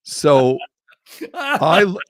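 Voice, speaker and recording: An older man telling a story in a casual podcast chat, animated and acting out the people in it. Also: sits high, drawn-out words, dry recording, studio quality. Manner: animated, acts out the people in his stories. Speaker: storyteller and co-host.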